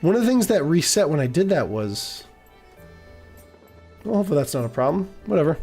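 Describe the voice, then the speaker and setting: A man's voice: fairly high pitch, sing-song, darkish tone, faint music behind. A man streaming a game, chatting casually and rambling off mid-sentence as he reads his chat. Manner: rambling, distracted, quick to trail off.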